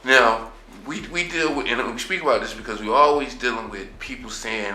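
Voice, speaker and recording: A man's voice: mid-range voice, normal speed, few pauses, bright, forceful tone, a little hiss or hum. A man hosting an interview, asking questions in a loose, conversational way with slang and restarts. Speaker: interviewer, show host. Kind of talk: casual interview talk. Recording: echoey room.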